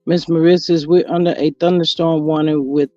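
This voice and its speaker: A woman's voice: deep voice, fairly even intonation, normal speed, warm tone, no room sound. A woman hosting a casual livestream, chatty and sassy, greeting her viewers by name. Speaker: YouTube livestream host. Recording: dull lo-fi audio with faint music.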